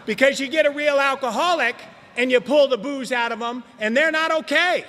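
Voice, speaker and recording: A man's voice: very high voice, fairly quick, pushed and bright. A man telling his story at a recovery meeting in a joking, slangy way, talking straight to the audience. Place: meeting hall. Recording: long hall reverb.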